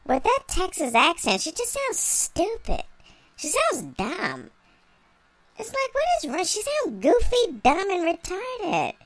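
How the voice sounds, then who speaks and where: Sassy high-voiced woman ranting. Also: huge pitch swings, slow pace. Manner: sassy, profane, mocking, laughs between lines. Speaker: vlogger. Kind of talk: profane comedic reaction rant.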